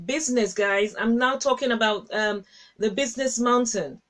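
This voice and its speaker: A woman's voice: on the high side, normal speed. A woman hosting a casual Christian livestream, chatting with viewers, reading their comments aloud and laughing often. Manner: warm, chatty, laughs often, repeats herself. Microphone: webcam or phone with a cable.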